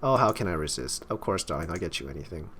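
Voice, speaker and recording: A sugary, doting young girlfriend with a bossy streak, read out by a man. The voice sits low and unpolished, like a player reading game dialogue aloud at home. A soft hum of background noise stays under it. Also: animated, fast talker. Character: sweet but controlling young woman, girlfriend.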